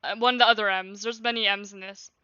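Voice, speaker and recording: A woman streamer reading her childhood journal aloud, lively and loud, with chatty asides. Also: mid-range voice, fast talker, clean tone, no echo. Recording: dull lo-fi stream audio.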